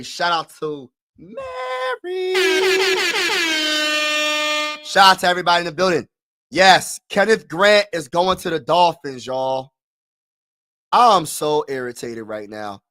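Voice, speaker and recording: High-voiced excitable man streaming live. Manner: excitable, swings from mutters to frustrated shouting; slangy, repeats himself, talks to the chat. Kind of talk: casual live-stream reaction.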